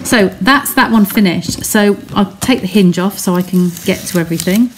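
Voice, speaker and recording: A woman's voice: mid-range voice, normal speed, a little hiss or hum. Chatty woman demonstrating crafts. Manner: chatty, reassuring, talks through each step. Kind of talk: live-stream craft tutorial. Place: home craft studio.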